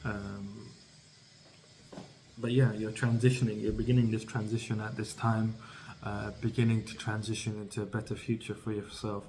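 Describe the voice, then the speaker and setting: A man with a lowish voice talks through a tarot reading in a casual, meandering way. His delivery stays flat and even, and he circles back over the same phrases with plenty of ums. Faint room noise sits behind him. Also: poor audio. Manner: rambling, filler-heavy, repeats himself. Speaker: tarot reader.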